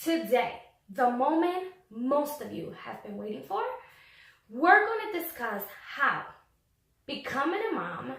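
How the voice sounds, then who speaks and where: A young woman vlogging casually, telling a personal story in a chatty, animated way and acting out what people said. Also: high-pitched, unhurried, creaky. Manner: chatty, animated, acts out quoted voices. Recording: echoey room.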